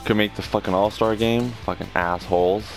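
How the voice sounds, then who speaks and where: Low-voiced young man playing a game. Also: fairly even intonation, a little fast, gravelly. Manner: swearing, erupting into angry rants at the game. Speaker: gaming commentator. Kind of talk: casual gameplay commentary. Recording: game music playing behind.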